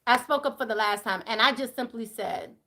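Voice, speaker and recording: A woman hosting a live stream as a spiritual reader, telling a story as a casual rant. She is emphatic and swears freely, swinging between loud outbursts and low asides. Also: fairly quick.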